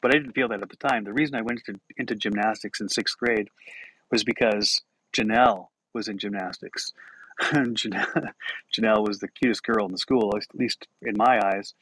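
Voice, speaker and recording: A man's voice: lowish voice, steady tone, a little fast, fairly bright tone, breathy edge, rough recording. A middle-aged man hosting a podcast, telling self-mocking stories and laughing through them. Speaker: podcast host. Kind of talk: storytelling monologue.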